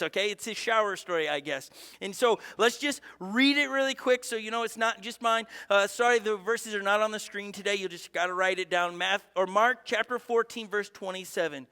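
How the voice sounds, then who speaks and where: A male pastor preaching a sermon in a conversational, energetic way, with asides and quick restarts. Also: high voice, big-room sound.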